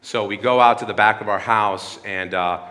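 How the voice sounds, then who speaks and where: A man's voice: on the low side, fairly even intonation, moderate pace, bright, forceful tone, big-room sound. A man in his thirties giving an earnest sermon-like talk at a church. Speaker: speaker at a church. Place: church hall.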